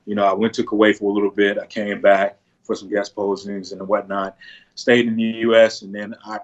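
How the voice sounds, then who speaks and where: A man answering interview questions over a video call, relaxed and halting, with frequent restarts. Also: lowish voice, lo-fi sound. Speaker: pro bodybuilder guest on a video call.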